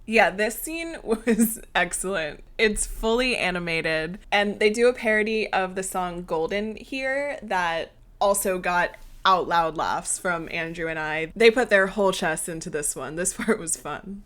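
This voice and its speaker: A woman's voice: on the low side, animated, measured pace, hardly any pauses, a bit bright. A young woman co-hosting a film review podcast, chatting casually, laughing often and dry with sarcasm. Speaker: podcast co-host.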